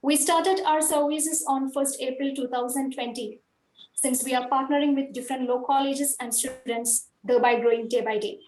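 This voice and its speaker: A woman's voice: high voice, fairly even intonation, moderate pace, darkish tone. A woman from India hosting an interview, polite and formal as she introduces the channel and asks questions. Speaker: host. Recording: echoey room.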